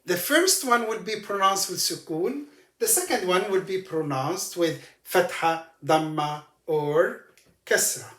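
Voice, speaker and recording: A man teaching Arabic letters and vowel marks, speaking slowly and patiently and repeating each word for the learner. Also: high voice, fairly bright tone, roomy sound. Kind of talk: language lesson.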